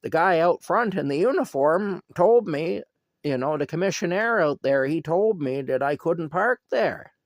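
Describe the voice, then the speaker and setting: A man's voice: on the high side, lively intonation, a little slow, no echo, clean studio sound, pitched above the performer's own voice. A man voicing a flustered, out-of-breath government inspector explaining himself. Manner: flustered, defensive.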